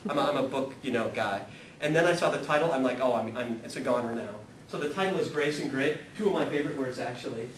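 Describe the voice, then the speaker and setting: A man giving a humorous spiritual talk as a series speaker, telling stories in an animated, self-deprecating way and reading passages aloud. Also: fast, few pauses. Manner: animated, self-deprecating storyteller, laughs often. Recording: echoey room, distant mic, rumbling noise.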